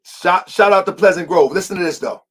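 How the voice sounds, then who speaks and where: A man's voice: high voice, a little fast, fairly bright tone, slight background noise. A man hosting a heated commentary, repeating his points emphatically and confrontationally. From Baltimore, US. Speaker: host.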